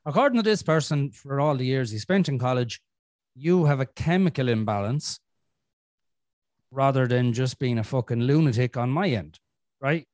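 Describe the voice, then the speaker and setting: A man's voice: medium pitch, moderate pace, a little mellow, no echo, clean studio sound. An Irish man hosting a podcast, talking bluntly with lots of swearing and jokes, and acting out his own inner voice. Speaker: podcast host. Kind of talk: casual podcast chat.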